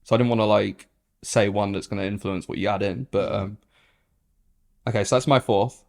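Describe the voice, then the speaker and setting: Laid-back young man, lowish voice. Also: vocal fry. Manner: relaxed, agreeable, quick to laugh. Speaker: podcast co-host. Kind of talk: casual chat.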